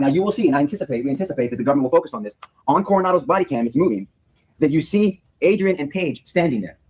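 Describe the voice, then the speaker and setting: Rapid-fire earnest man addressing a jury. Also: medium pitch, a little mellow, breathy edge, low-quality recording. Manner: earnest, full of repeated words and restarts. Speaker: defense attorney. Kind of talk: courtroom opening statement to a jury. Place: courtroom.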